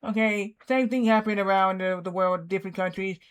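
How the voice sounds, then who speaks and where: A man's voice: high-pitched, fairly even intonation, brisk, a bit bright, clean tone. A man in his thirties streaming a game, telling a rambling story with lots of repeats and acted-out quotes. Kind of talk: casual storytelling while gaming.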